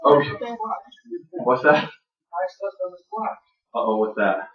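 Speaking slowly in a fairly low voice, this biblical grammar lecturer addresses a live audience in a chatty classroom style, poking fun at himself and cracking jokes. He uses lots of fillers and often starts over. The audio sounds roomy, far-off and dull, like a lo-fi recording.

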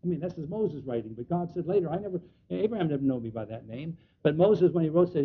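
Man preaching on scripture, high voice. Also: lively intonation, slightly rough. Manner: reads scripture slowly, stresses words, restarts often. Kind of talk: Bible teaching sermon. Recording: dull lo-fi recording with faint rumble.

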